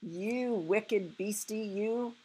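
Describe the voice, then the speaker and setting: A woman's voice: mid-range voice, extremely slow, breathy edge, rough recording. A woman doing an agitated big friendly giant. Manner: mangled words, loud exclaiming. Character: big clumsy kind male giant, distressed.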